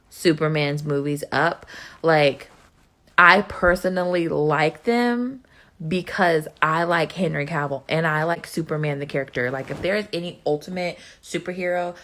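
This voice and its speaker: A young woman ranting casually and profanely to the camera about movies, gushing and excitable. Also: low voice. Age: young adult. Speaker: vlogger reviewing a movie.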